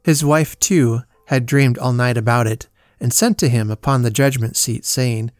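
A man's voice: medium pitch, steady tone, moderate pace, no echo, studio quality. Man reading a solemn Bible story. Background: faint guitar music.

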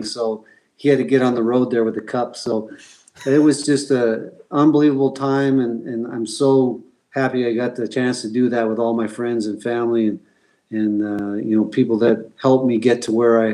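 A middle-aged man, a former pro hockey player, telling relaxed stories in an interview with many fillers and restarts. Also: medium pitch, low-quality recording.

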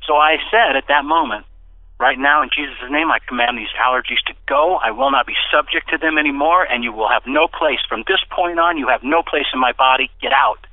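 Excited man telling his story over a phone line. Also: brisk, dry recording. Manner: animated storyteller who bursts into excited, high-pitched quoted speech. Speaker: interview guest. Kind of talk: personal testimony in casual conversation. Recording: dry, tinny phone-like line.

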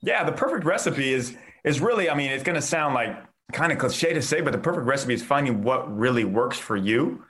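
A man's voice: medium pitch, animated, a little fast, few pauses, fairly bright tone. A man, a mindset coach speaking in an enthusiastic, casual way in a podcast interview, often saying "like". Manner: enthusiastic, uses filler "like" often.

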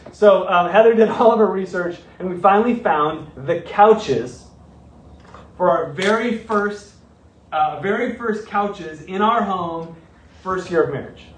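A middle-aged man, a pastor, telling a story in a sermon with animated, self-mocking humor. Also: sits high, a little slow, slight background noise. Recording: roomy, from a distance.

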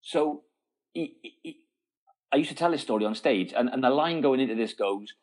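A middle-aged man spins an animated story as a guest in a relaxed interview. He laughs often and keeps restarting his sentences as the story runs on. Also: mid-range voice, normal speed. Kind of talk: casual storytelling.

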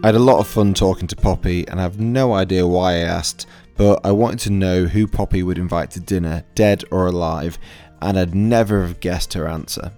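Male chef-host with a deep voice who walks through recipes step by step in easygoing chat. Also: steady tone, moderate pace, warm tone, faint music behind. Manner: easygoing, explains dishes step by step. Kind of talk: casual interview chat.

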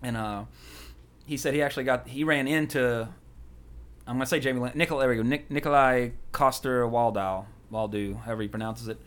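A man rattles through a rambling story on a podcast. He talks quickly and casually, often breaking into laughter. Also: medium pitch, fairly bright tone. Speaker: podcast co-host. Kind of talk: casual chat.

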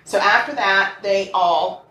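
A woman co-hosts a casual crime podcast and tells the story in a blunt, swearing way, acting out the quotes she reads. She sounds set back from the microphone in an echoey room with faint noise behind her. Her pitch sits in the middle. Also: takes it slowly, far from the mic. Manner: blunt, swears, animated quoting. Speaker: podcast co-host. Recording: roomy echo, a bit off mic, faint noise.

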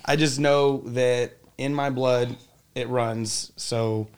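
A man co-hosting a casual podcast, speaking at an ordinary male pitch. He talks in a laid-back, joking way, riffing along with his host. A faint hiss sits under his voice. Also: steady tone, takes it slowly.

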